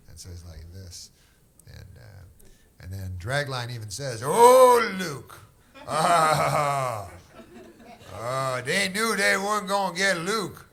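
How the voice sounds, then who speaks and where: A middle-aged man from Canada doing stand-up crowd work, with rambling, deadpan, drawling storytelling. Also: medium pitch, slow pace, creaky. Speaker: stand-up comedian. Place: comedy club stage. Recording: live club set with a loud crowd. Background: audience laughter.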